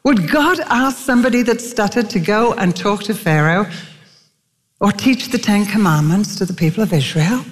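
Woman preacher, mid-pitched, emphatic storytelling sermon voice, long hall reverb. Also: lively intonation, moderate pace.

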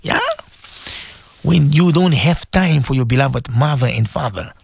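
A man's voice: mid-range voice, a little slow, creaky, slightly rough. A man hosting a morning radio show, talking in an emphatic, repetitive, preachy way. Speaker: radio host.

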